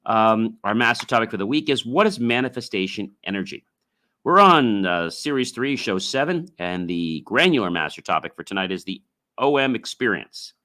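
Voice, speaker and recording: A man hosting his own podcast, talking loosely with many fillers and repeats, and breaking into drawn-out chanted oms to show how they sound. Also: fairly low pitch, expressive, pushed and bright. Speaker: podcast host. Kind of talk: casual solo podcast talk.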